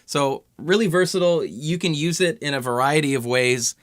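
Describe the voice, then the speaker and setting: A man hosting a casual guitar pedal demo, talking in a relaxed, conversational way with many fillers. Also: on the high side, normal speed, no echo, clean studio sound. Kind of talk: casual gear demo talk.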